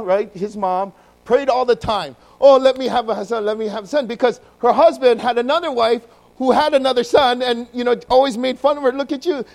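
A man preaching a sermon to his congregation, telling the story in an animated way and acting out the voices. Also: high voice, low-quality recording. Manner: addresses congregation directly. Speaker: pastor.

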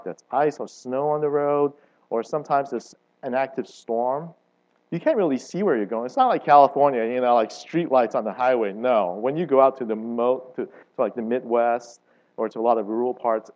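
A man gives a relaxed, story-driven sermon, often pausing to put questions to the audience. His voice sits at an average pitch, with lively rises and drops for emphasis. The recording sounds a little dull and lo-fi. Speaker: preacher.

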